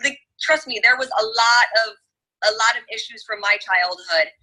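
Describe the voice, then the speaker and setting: A woman's voice: on the high side, normal speed, sharp tone, breathy edge, rough recording. A woman hosting a casual chat, talking emphatically and turning to address her listeners directly. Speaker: host.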